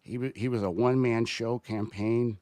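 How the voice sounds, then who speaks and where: A man telling a story as a podcast guest, rambling and animated, with frequent restarts. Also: medium pitch, moderate pace. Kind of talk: casual podcast chat.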